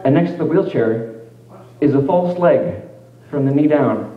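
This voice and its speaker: A man's voice: mid-range voice, expressive, measured pace. A young man doing a stand-up comedy set, with a loose, chatty delivery. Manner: loose, chatty delivery with fillers, acts out voices. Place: small music venue stage. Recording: echoey room, far from mic, dull lo-fi.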